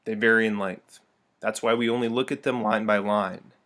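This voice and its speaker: A man's voice: fairly low pitch, steady tone, normal speed, a bit bright. Playful young male teacher, joking. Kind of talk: recorded classroom lesson.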